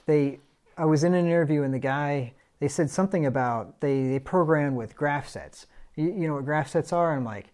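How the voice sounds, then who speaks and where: A man's voice: fairly high pitch, animated, fairly quick, a little mellow. Middle-aged male preacher, casual Bible study, reads verses aloud, self-deprecating chuckles. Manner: conversational, reads scripture aloud, chuckles at himself.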